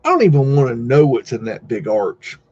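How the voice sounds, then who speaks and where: A man's voice: medium pitch, very animated, brisk, slightly rough, muffled recording. A man hosting a live stream, chatting casually and rambling with jokes while looking over old photos. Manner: rambling, joking, easygoing asides and loud exclamations. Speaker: host.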